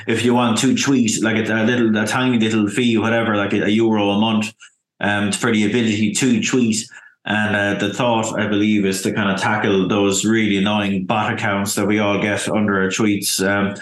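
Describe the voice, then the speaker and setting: A man on a panel who explains things in a measured way, with many "um"s. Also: fairly low pitch, a bit bright, echoey room. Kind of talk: casual panel chat.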